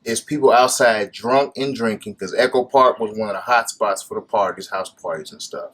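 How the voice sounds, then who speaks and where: A man's voice: lowish voice, moderate pace, a bit bright, slightly rough. A man co-hosting a casual chat, playfully teasing his partner and cutting in with jokes. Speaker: podcast co-host. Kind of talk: casual banter.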